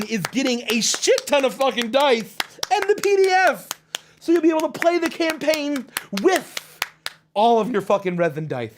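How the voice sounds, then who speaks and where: A man's voice: extremely high pitch, big pitch swings, normal speed, slight background noise. A man hosting a casual live stream Q&A, reading out viewer messages with jokes and swearing. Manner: joking and profane, thanking viewers.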